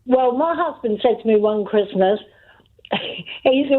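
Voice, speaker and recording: A woman's voice: on the high side, animated, unhurried, long pauses. An older Englishwoman calling a radio show, telling a story in a chatty way with laughs. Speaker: radio caller. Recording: tinny phone line.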